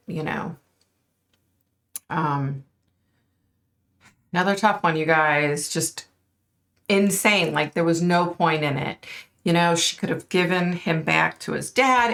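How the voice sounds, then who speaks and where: Woman, deep voice, vocal fry, casual rambling vlog narration. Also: a bit bright. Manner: rambling, many fillers, points at an imagined map. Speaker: psychic vlogger. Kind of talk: casual storytelling to camera.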